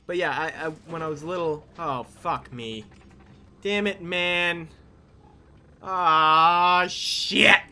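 A young man playing a video game and commenting casually, swearing often and yelling at the game. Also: fairly high pitch, takes it slowly. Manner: animated, swears a lot, yells at the game. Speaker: gaming YouTuber. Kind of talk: casual let's-play commentary.

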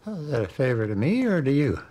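A husky dying professor. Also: male voice, medium pitch, very animated, quick pace, mellow. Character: dying male classics professor, proud, bitter. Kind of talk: TV drama acting.

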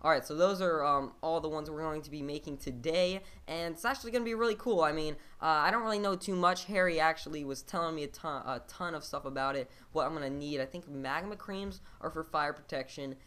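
A man's voice: on the high side, a little fast, few pauses, pushed and bright, smooth. A man hosting a game let's play, talking casually and rambling with lots of fillers and restarts.

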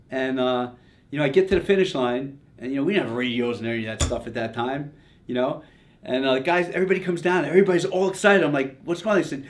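Animated older New storyteller. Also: male voice, fairly high pitch. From Long Island, New York. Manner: animated, many fillers like "you know" and "like". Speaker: retired drag racer telling a story. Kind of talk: casual storytelling.

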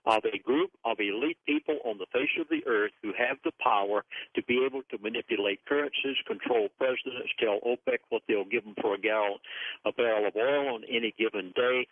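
A man's voice: medium pitch, no room sound. A man guest on a call-in radio show, speaking in an earnest, grave and emphatic way over a phone line. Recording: dry, tinny phone line.

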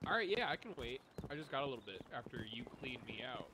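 A man chatting playfully and excitably with other players while gaming. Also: medium pitch, fast, very noisy. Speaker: streamer. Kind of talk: casual gaming chat. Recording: loud background music.

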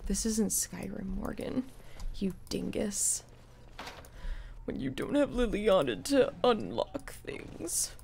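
A woman's voice: mid-range voice, slow pace, vocal fry, a little mellow, a little hiss or hum. A young woman streaming a video game, chatting in a rambling way and laughing often. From United States. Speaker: gaming streamer. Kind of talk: casual let's play commentary.

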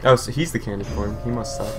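A man's voice: lowish voice, fast talker, music in the background. A young man who laughs often and makes crude jokes while playing a video game with a friend. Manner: giggly, drawling, crude jokes. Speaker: gamer co-host. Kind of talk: casual let's-play banter.

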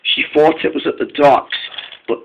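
A man narrating a train story, halting, with frequent restarts and repeated words. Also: a little high, vocal fry, highs cut off, a little hiss or hum. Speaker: story reader.

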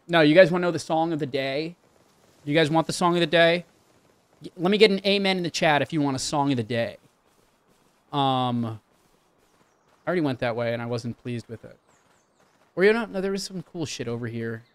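Young male streamer, slightly high voice, loose and profane live commentary to chat. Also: animated, fairly quick, long pauses, no room sound. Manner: chatty, swears often, talks to chat. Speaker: livestreamer. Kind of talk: casual live game commentary.

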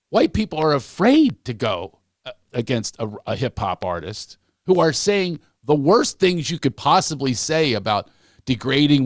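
This man, a comedian appearing as a guest, has a mid-range voice captured in clean studio sound without room sound. He rants animatedly in a podcast conversation, repeating words as he gets worked up.

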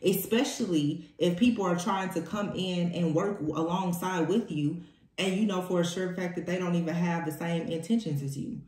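A woman's voice: on the low side, normal speed, darkish tone. A woman giving a spoken tarot reading, emphatic and repeating her key phrases for weight. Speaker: tarot reader. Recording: echoey room.

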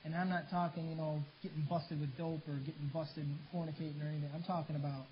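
A man's voice: on the high side, flat delivery, fast, hardly any pauses. A man preaching a sermon as pastor, fervent and plain-spoken. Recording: dull lo-fi sermon recording with faint hiss.

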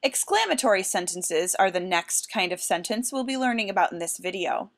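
Female teacher, bright animated delivery, clear and deliberate, lesson voice-over. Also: mid-range voice. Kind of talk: recorded classroom lesson.

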